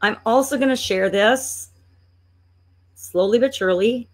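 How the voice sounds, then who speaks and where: A woman coaching online business, chatting and thinking aloud as she clicks through a screen-share tutorial, playfully exasperated at a slow computer. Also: fairly high pitch.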